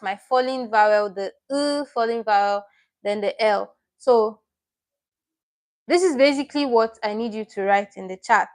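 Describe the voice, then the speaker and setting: A woman with a slightly high voice teaches a live online class. She talks in a chatty way, repeats words and corrects her own slips as she goes. She reads out viewers' names and comments. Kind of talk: live-stream lesson.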